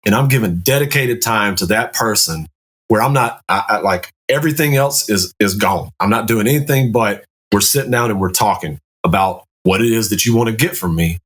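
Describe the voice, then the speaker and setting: A man's voice: on the low side, brisk, a bit bright, breathy edge. A man who is a Navy command master chief, talking candidly and profanely as a podcast guest. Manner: candid, profane, explaining step by step. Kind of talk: casual podcast chat.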